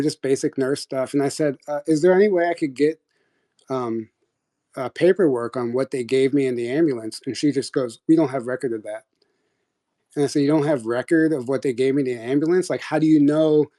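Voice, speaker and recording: A man's voice: mid-range voice, mellow. A young man casually telling a personal story on a live audio chat, rambling, full of restarts and quoted dialogue.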